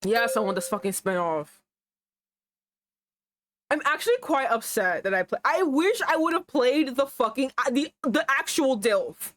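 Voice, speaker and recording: A woman's voice: high-pitched, expressive, normal speed, a bit bright, dry recording. A young woman streaming a game, chatting casually, swearing freely and reading the story text aloud. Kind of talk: casual gameplay commentary.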